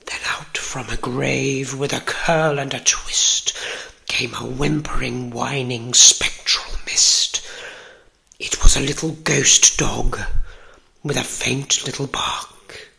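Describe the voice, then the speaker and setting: A man reading a storybook aloud in a gentle ASMR whisper. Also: mid-range voice, gravelly. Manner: slow, gentle, soothing whisper.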